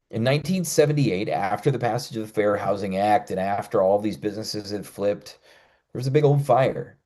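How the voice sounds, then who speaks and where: Low, mellow-voiced man narrating history. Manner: conversational storytelling with frequent "uh" fillers. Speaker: history podcast host.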